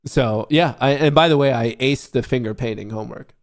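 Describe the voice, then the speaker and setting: A man's voice: mid-range voice, a little fast. Profane, mocking young male streamer. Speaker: livestream host. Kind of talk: casual livestream rant.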